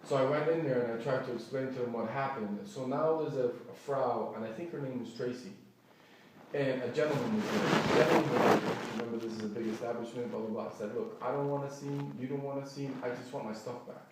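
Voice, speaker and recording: A man's voice: medium pitch, fast talker. Agitated man telling a story in an echoey room. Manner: animated, acts out quoted dialogue, restarts often. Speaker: person recounting an incident. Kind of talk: agitated first-person storytelling. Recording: echoey room, distant mic, faint noise.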